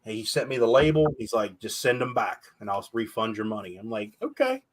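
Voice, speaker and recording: A man's voice: fairly low pitch, a little fast. A man hosting a casual podcast chat, telling stories with animation and swearing freely. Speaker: podcast host.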